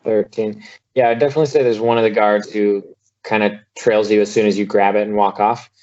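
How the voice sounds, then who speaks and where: A man's voice: lowish voice, flat delivery, brisk, a little mellow, muffled recording. A man running a tabletop game as game master, talking casually with many fillers.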